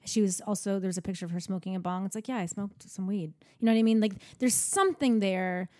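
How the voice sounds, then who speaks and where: A woman's voice: medium pitch, fast, no room sound, studio quality. A woman co-hosting a casual chat, talking frankly and acting out the people in her stories. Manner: animated, frank, acts out quoted voices in stories.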